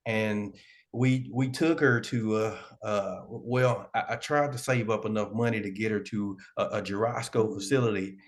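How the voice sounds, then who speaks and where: A man's voice: fairly low pitch, moderate pace. A man playing a troubled young man grieving his mother in a tabletop role-play, stammering and repeating words.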